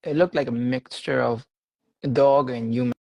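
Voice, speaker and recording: A man telling a personal faith testimony in a casual interview, animated and laughing often, repeating his phrases. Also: mid-range voice, normal speed, vocal fry, no echo, rough recording. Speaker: guest sharing a faith testimony.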